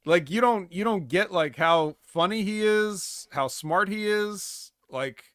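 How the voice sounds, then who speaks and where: A man's voice: high voice, lively intonation, takes it slowly, fairly bright tone, no echo, clean studio sound. A man co-hosting a wrestling podcast, rambling storyteller who drifts between thoughts. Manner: rambling, many "like" fillers and restarts. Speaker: podcast co-host. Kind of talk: casual wrestling podcast chat.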